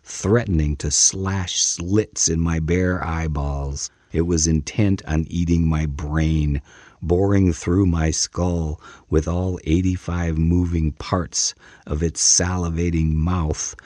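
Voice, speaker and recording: A man narrating a first-person story as an audiobook, measured and dramatic. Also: low voice, fairly even intonation, dark tone, dry recording.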